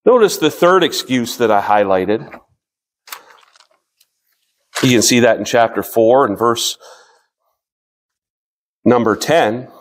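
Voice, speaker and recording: A man in his fifties preaching a sermon as pastor, earnest, slowing down to read scripture and often restarting his sentences. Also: mid-range voice, animated.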